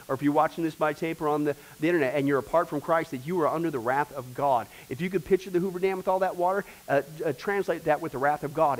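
A man's voice: fairly high pitch, poor audio. A man teaching a church discipleship class in an emphatic preaching style, repeating phrases and talking straight to the group. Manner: emphatic, repetitive, addresses the class directly.

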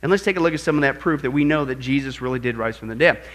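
A man teaching a sermon-style apologetics lesson as pastor, emphatic and animated, often asking his listeners questions. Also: mid-range voice, rapid-fire. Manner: emphatic, animated, asks audience rhetorical questions.

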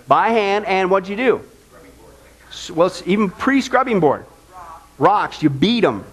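Man, pastor, high voice, conversational sermon, animated, keeps asking "okay?". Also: unhurried, husky, low-quality recording. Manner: conversational, animated preaching with frequent "okay?" checks.

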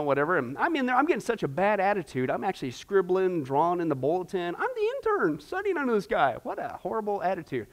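A middle-aged pastor leads a church class in a high, lively voice that swings all over. He keeps asking the room questions and answering them himself. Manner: animated, asks the class many questions. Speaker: pastor teaching a discipleship class. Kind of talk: informal church class teaching.

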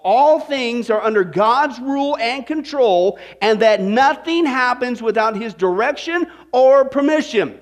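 A man preaching a sermon, joking with the congregation by name and slowing down to stress key points. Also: very high voice, animated. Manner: emphatic, slows on key points. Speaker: pastor.

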